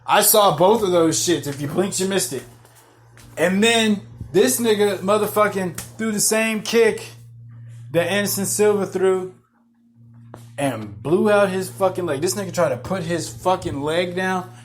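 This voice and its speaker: A man hosting a podcast, rambling in excitable, profane casual chat full of restarts. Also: sits high, a little slow. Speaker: podcast host. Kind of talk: casual chat about MMA fights.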